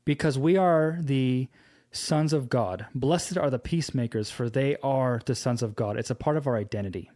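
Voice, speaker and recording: A man giving a devotional teaching, telling a personal story slowly and earnestly and quoting scripture. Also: mid-range voice, warm tone. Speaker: preacher.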